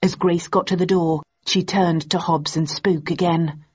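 Woman audiobook narrator, husky voice, fairly low pitch, steady measured reading, slightly dull lo-fi audio. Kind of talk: scripted narration of a novel.

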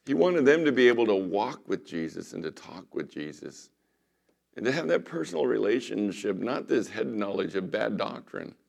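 Gravelly male pastor preaching. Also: on the low side, very animated, moderate pace. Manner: dramatic retelling, drops to a whisper for quotes. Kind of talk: sermon.

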